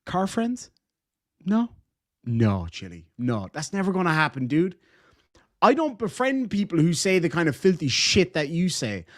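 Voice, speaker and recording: Lively, swearing male streamer. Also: on the high side, normal speed, dry recording, clean studio sound. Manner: gloating, heavy swearing, mocking. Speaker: streamer reacting to a clip. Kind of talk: profane commentary.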